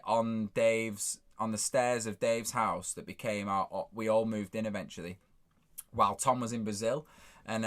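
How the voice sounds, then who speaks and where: Guy in his 30s, lowish voice, rambly and halting, lots of ums. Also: fairly bright tone. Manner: rambling, halting, many fillers. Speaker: songwriter and co-lead singer. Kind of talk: casual reflective chat.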